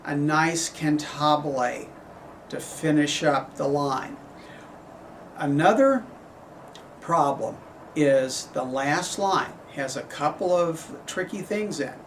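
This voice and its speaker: A middle-aged man teaching a horn clinic, explaining phrasing in a measured way and singing passages on syllables. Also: a little high, far from the mic, slight background noise. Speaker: horn professor giving a clinic. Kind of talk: instructional clinic talk.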